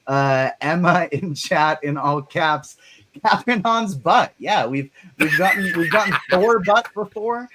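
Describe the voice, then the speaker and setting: A man's voice: on the high side, measured pace, hardly any pauses, heavy background noise. A man hosting a live chat show, upbeat and laughing between his points. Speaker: show host. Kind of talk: casual chat.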